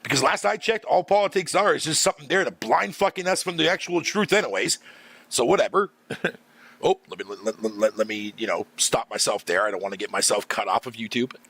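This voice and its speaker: A man's voice: medium pitch, fairly quick, a bit bright, slightly rough. A middle-aged man ranting casually as a gaming streamer, swearing constantly, laughing often and piling on fillers. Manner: profane, exasperated, laughs often, filler-heavy.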